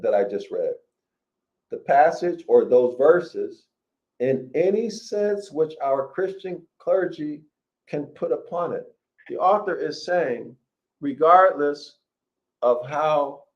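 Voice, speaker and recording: Slow, emphatic male lecturer, dull sound. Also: a little high, a little mellow. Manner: slow, emphatic, addresses listeners as y'all. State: voice troubled, needs water. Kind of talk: lecture reading and commenting on scripture. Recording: dull lo-fi recording.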